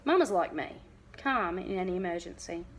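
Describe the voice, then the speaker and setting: A woman teacher reading a novel aloud to her class in an expressive storytelling voice. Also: lowish voice, moderate pace, a little hiss or hum.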